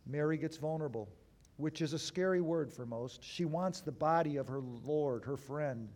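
A man preaching an Easter sermon as a pastor, moving between raised, emphatic phrases and hushed, slow ones with deliberate pauses. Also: fairly high pitch. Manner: dramatic swings between loud and hushed.

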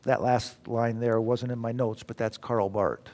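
A middle-aged man preaching a sermon, swinging between loud exclamations and near whispers. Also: medium pitch, fairly even intonation, measured pace. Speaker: pastor.

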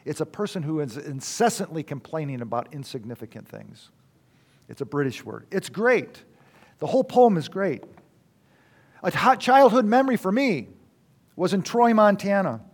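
A man speaking to an audience, telling a personal story in a reflective way with halting restarts. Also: high-pitched, sing-song.

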